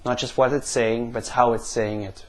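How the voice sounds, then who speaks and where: A man leading listeners through a guided pain-visualization exercise, asking slow, calm questions with pauses. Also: mid-range voice. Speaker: NLP practitioner.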